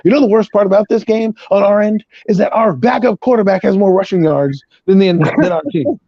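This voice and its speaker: A man with a gravelly, husky voice delivers a heated, profane football rant. His tone is dark and mellow, and the recording sounds dry and a little dull. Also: high-pitched, fairly quick, dry recording. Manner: profane, fired-up, ranting. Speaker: guest, Giants fan.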